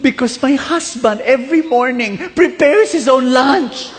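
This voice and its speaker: A man's voice: very high voice, unhurried, slight background noise, voice pushed up. A man with a Filipino accent voicing a puzzled third widow who answers bluntly, heard with long reverb in a large hall.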